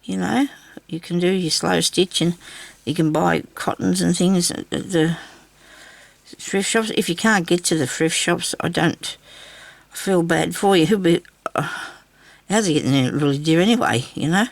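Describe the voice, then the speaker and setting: A woman's voice: on the low side, measured pace, creaky, dry recording. An Australian woman chatting in a casual, rambling way while she crafts and tells stories. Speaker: craft vlogger.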